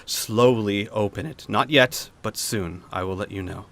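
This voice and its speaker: A man voicing a calm, measured male mage who speaks slowly and quietly in a tabletop game. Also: fairly low pitch. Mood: grave.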